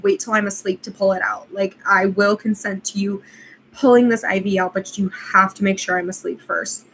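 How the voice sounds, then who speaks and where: A woman's voice: medium pitch, fairly bright tone, slight background noise, poor audio. A young woman vlogger casually telling a personal story, rambling with lots of fillers and laughing at herself.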